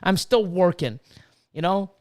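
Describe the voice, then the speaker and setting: A man's voice: sits high, lively intonation, measured pace, darkish tone. Profane ranting fifty-year-old man. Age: 50s. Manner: profane, ranting, reads chat aloud. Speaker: livestream host and snake breeder. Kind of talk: casual livestream chat.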